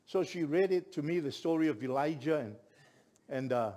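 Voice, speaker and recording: A middle-aged man, a pastor telling a story in a sermon with lively, building delivery. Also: on the high side, moderate pace. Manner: animated storyteller, rising to shouts at climaxes.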